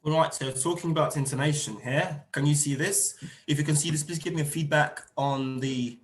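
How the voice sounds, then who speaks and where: A middle-aged man leads an online seminar for teachers. He explains each point, then restates it, often pausing on fillers. His voice sits a bit high and sounds roomy through a computer mic. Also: fairly even intonation. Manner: explanatory, repeats and rephrases points, frequent fillers. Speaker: teacher trainer presenting a webinar.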